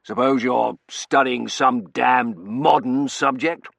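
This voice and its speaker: A man's voice: mid-range voice, slow pace, vocal fry, fairly bright tone, dry recording, pitched above the performer's own voice, heavily acted. A man doing a blustering old colonel. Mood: scornful. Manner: blustering, contemptuous. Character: gruff older Victorian colonel.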